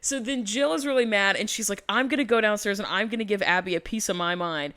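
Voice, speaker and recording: A woman's voice: mid-range voice, fast, a bit bright. A woman co-hosting a podcast, recapping a reality show in casual chat and quoting people in mocking voices. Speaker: podcast co-host.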